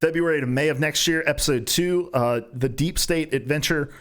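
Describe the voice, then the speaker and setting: Profane, animated male gaming news host. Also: fairly high pitch, normal speed. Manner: profane, animated storytelling, acting out imagined dialogue. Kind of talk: casual news rundown with comic riffs.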